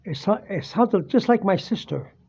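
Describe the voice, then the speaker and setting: High-voiced man telling a spooky experience. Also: lively intonation, creaky, darkish tone, husky. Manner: halting, many fillers and restarts, earnest. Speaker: vlogger. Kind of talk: casual first-person storytelling. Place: home dining room, seated at a table. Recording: dull lo-fi home recording.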